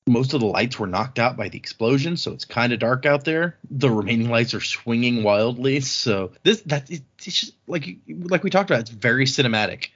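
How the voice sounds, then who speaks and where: A man in an easygoing podcast chat, walking his co-hosts through the plot with animated, rambling energy. His voice sits at a middling pitch. The recording is a touch dull and lo-fi. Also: a little fast, few pauses, breathy edge. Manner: rambling, animated retelling with frequent restarts. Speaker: podcast host recapping chapters. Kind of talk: casual chat. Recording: slightly dull lo-fi sound.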